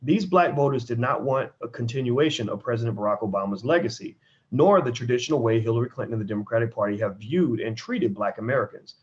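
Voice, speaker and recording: A man giving casual, animated political commentary, swearing and slipping into mock voices to make his point. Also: mid-range voice, quick pace, lo-fi sound. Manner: animated, profane, slips into mock voices for emphasis.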